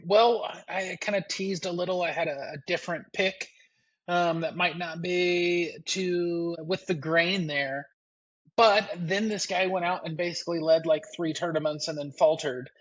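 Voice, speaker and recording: A man's voice: high voice, steady tone, a little slow, highs cut off. A man joining a podcast as the golf guest, chatting with hesitant enthusiasm. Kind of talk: casual sports chat.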